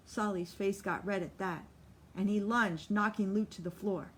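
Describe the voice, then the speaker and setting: A woman narrating a novel as an audiobook reader, with steady, measured storytelling. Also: mid-range voice, husky.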